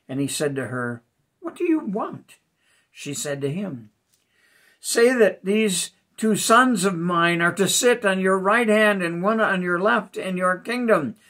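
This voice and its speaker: A male pastor reading a Bible chapter aloud with short spoken comments, unhurried, with small hesitations between thoughts and rising emphasis on the quoted lines. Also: high-pitched, a bit bright. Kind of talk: scripture reading with brief commentary.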